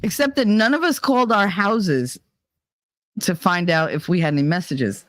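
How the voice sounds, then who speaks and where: A middle-aged woman hosting a casual chat, telling a story in an animated way, swearing and mimicking other people's voices. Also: on the low side, normal speed. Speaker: channel host.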